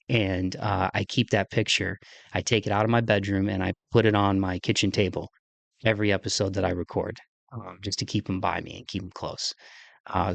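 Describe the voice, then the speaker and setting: A man's voice: fairly low pitch, no room sound. A man hosting his podcast from his kitchen, telling a story in a rambling, chatty way full of fillers. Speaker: podcast host. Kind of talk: casual solo monologue. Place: home kitchen.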